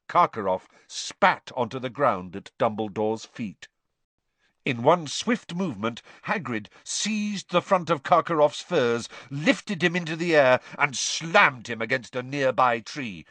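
A man narrating a novel aloud in an expressive storytelling reading. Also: mid-range voice, a little slow, no echo. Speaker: audiobook narrator.

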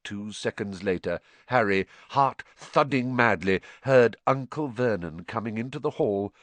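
A man reading an audiobook aloud with animated, dramatic storytelling on a close studio mic. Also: on the low side, a little slow, hardly any pauses, dry recording. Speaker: audiobook narrator. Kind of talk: expressive audiobook narration.

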